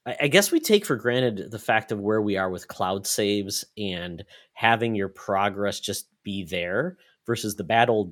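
Low-voiced man co-hosting a podcast. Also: fairly bright tone. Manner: hesitant, repeats words while thinking aloud. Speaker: podcast co-host. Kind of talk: casual chat.

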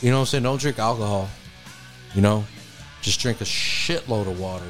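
A man's voice: on the low side, brisk, faint music behind. A man co-hosting a podcast, telling rambling crude stories and stumbling over repeated words. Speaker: podcast co-host. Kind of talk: casual crude storytelling.

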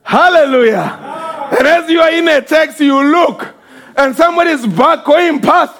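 A man preaching with fiery passion, his voice pitched unusually high for a man. He shouts through the peaks, calls out hallelujah and slips into the voices of the people in his stories. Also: normal speed. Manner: impassioned, often shouting, cries of hallelujah; acts out quoted voices while storytelling. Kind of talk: fervent sermon.

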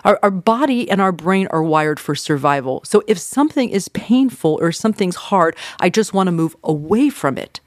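A woman's voice: fairly low pitch, animated, moderate pace, hardly any pauses, no echo, clean studio sound. A middle-aged woman therapist hosting a podcast, giving casual, conversational advice with frequent fillers.

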